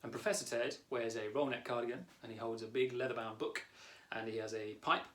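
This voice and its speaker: A man in his thirties, a therapist and coach, calmly explaining a coaching lesson straight to the viewer. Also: medium pitch, fairly quick. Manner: calm, warm explaining, talks directly to the viewer.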